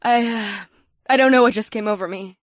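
A shy, shaken young woman, voiced by a woman in an audiobook. She speaks softly and hesitantly, with a middle pitch, and her words often trail off. The recording is dry and close, with no room sound. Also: a little fast, no room sound, lightly acted. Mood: bashful. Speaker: audiobook voice actor. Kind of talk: dual-narration audiobook dialogue.

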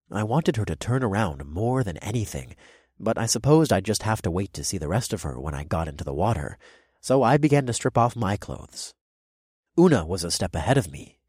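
Man, audiobook narrator, deep voice, lively pitch, dry close recording. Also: breathy edge, no room sound. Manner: expressive, lively storytelling. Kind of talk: first-person fantasy audiobook narration.

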